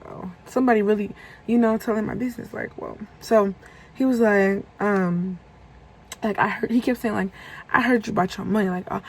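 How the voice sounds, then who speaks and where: A young woman tells a casual storytime to her camera, animatedly acting out both sides of a conversation. Her voice is gravelly with vocal fry and a husky edge. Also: medium pitch, a little mellow, rough recording. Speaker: vlogger.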